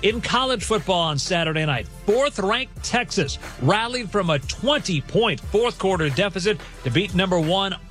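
A man reading a scripted sports news update in a brisk, measured manner. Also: high voice, a bit bright.

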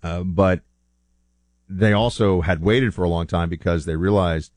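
A man's voice: deep voice, fairly even intonation, unhurried, darkish tone, no room sound. A man hosting a show, talking in a rambling, chatty way and often correcting himself. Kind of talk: casual monologue.

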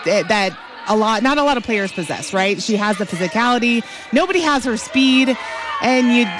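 A woman co-hosting halftime radio analysis from a stadium booth, conversational and thinking aloud. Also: a little high. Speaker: radio co-host.

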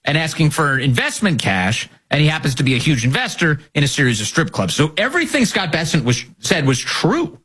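A man's voice: a little high, sing-song, brisk, hardly any pauses, a bit bright, slightly rough. A man hosting political commentary, reading emails and news with a sarcastic, mocking manner.

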